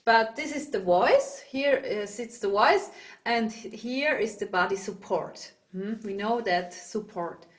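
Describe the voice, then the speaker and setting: A woman with a Swiss German accent teaching yodel online, explaining in halting English and breaking into loud calls and dog barks. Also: medium pitch, expressive. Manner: halting, searches for words. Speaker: yodel instructor. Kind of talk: online singing lesson. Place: home, video call.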